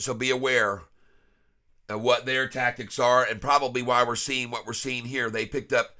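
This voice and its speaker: Male vlogger, stuffy nose, folksy chuckling chart talk, bright forward tone. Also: mid-range voice, smooth. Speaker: stock trading vlogger. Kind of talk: casual screen-share commentary.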